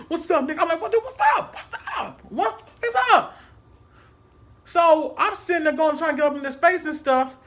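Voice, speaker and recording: Animated man telling a story. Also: very high voice. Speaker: vlogger. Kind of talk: casual storytime vlog.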